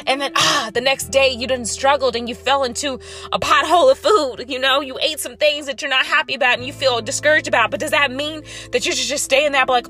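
A woman's voice: sits high, a little fast, sharp tone, faint music behind. A woman giving a fired-up motivational monologue about weight loss, calling her listeners y'all.

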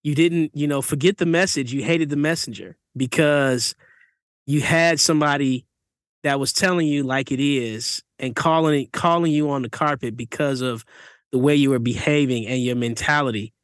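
A man's voice: mid-range voice, moderate pace, no echo, clean studio sound. A man in casual conversation, talking things through in a reflective way with many fillers. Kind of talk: casual chat.

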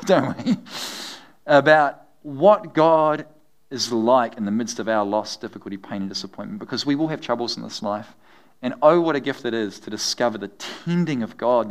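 A middle-aged man preaching a sermon, telling stories with humor and laughing often. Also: medium pitch. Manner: animated, humorous storytelling with frequent laughs. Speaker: pastor.

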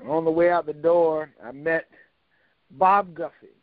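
Older man, folksy joking storyteller, slightly high voice, dry sound. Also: steady tone, unhurried, dry recording. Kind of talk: casual storytelling. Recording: dull, lo-fi dry recording.

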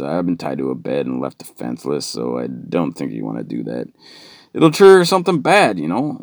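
A man's voice: low voice, creaky, no room sound. A man doing a stand-up comedy monologue, sardonic and profane, ranting with a close, dry sound.

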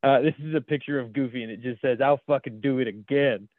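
A man's voice: medium pitch, quick pace, dry recording, phone-quality sound. A man with an American accent co-hosting a casual show, reading jokes aloud and laughing often. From United States. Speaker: podcast co-host.

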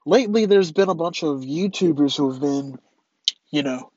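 A stuffy-nosed young man hosts his own casual podcast, rambling and stumbling over his words as he talks, with some cussing. His voice sits a touch high for a man. The recording is dry and a little dull. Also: normal speed, dark tone, no room sound. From North Carolina. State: congested, stuffy nose. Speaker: podcast host. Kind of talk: casual solo commentary.

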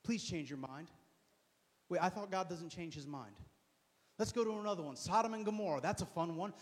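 A male pastor preaching a sermon in a large hall, emphatic and swinging from loud to hushed. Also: sits high, quick pace. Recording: long hall reverb.

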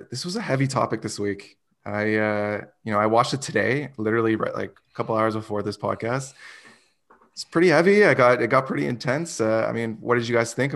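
A man hosting a casual movie-review podcast, talking loosely with fillers and restarts. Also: mid-range voice. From Canada. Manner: relaxed, hesitant with fillers. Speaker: podcast host. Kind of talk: casual chat.

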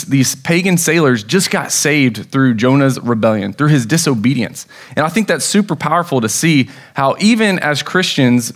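A young man with an American accent preaches in a relaxed, conversational way. He retells the story loosely, with lots of fillers and quick acted-out lines. His voice sits at an ordinary middle pitch. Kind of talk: casual sermon. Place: church sanctuary.

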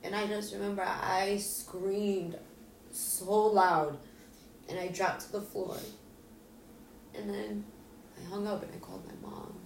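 A woman's voice: medium pitch, steady tone, slow, gravelly, long pauses, slight background noise. A woman, an interview guest, telling an emotional personal story bluntly, swearing and acting out what people said. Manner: raw, blunt, swears, acts out dialogue. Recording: roomy echo, distant mic, faint ambience.

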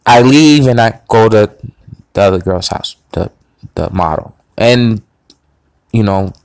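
A man's voice: lowish voice, measured pace, vocal fry, a little mellow, no room sound, rough recording. A man hosting a podcast, telling a personal story in a blunt, crude, boastful way. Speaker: podcast host. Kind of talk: casual storytelling monologue.

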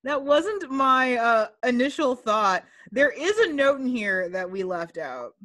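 A young woman talking casually on a podcast, her pitch leaping up and down as she gets into it. She swears freely and slips into mock voices to act out what people might say. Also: measured pace. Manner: animated, profane, acts out voices of characters. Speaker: podcast co-host. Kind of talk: casual chat about a book.

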